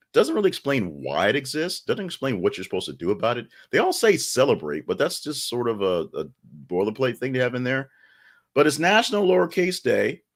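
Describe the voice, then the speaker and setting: Deep-voiced man chatting as podcast host. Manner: chatty, wry, self-correcting asides. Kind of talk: casual news podcast monologue.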